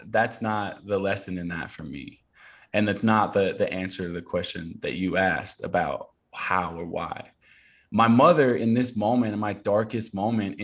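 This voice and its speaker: A man in his thirties from Portland, Oregon, a guest telling a personal story in a casual interview, earnest and animated, with many fillers and restarts. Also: lowish voice.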